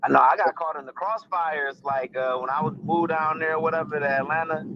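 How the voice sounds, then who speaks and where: A man from Detroit with a Detroit accent, telling stories in a lively, laughing way in casual chat. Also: a little high, a little fast, highs cut off, noisy background.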